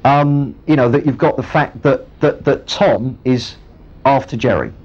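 A man preaching a sermon, retelling a Bible story with lively storytelling. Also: medium pitch, measured pace, slightly rough. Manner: storytelling, animated, acts out the characters. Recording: muffled lo-fi recording.

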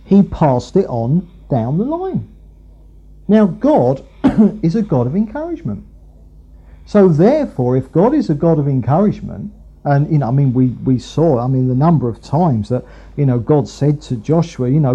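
Man preaching, husky and very dark-toned, slightly high voice, dull lo-fi recording, rambling. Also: very animated, normal speed. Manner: rambling, many fillers and restarts. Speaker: preacher, Bible teacher. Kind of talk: conversational sermon.

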